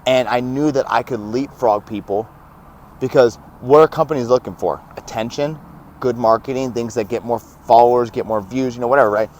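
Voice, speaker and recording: A young man telling stories as a podcast guest, animated and laughing often, acting out what others said. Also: medium pitch, a little fast. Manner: animated, laughs often, acts out quoted dialogue. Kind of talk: casual storytelling.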